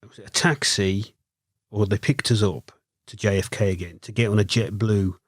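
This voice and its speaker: A man's voice: lowish voice, normal speed, breathy edge, no echo, clean studio sound. A man from Birmingham with a Brummie accent, a podcast guest telling a story and acting out what people said. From Birmingham, England. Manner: animated storyteller, acting out others' lines. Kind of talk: casual anecdote telling. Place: podcast studio.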